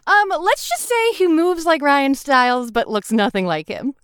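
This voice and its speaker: A woman playing an excitable female church matchmaker in an improvised comedy scene, squealing when excited. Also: high voice, moderate pace, over music. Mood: scheming. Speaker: guest.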